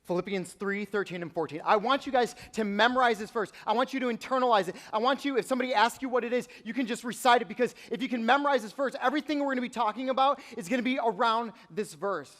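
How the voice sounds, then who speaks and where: High-voiced young preacher in a big reverberant hall. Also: male voice, fast, hardly any pauses. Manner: animated storytelling, acting out quotes. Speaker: youth pastor. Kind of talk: youth sermon. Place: large church auditorium. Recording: long reverb of a large hall.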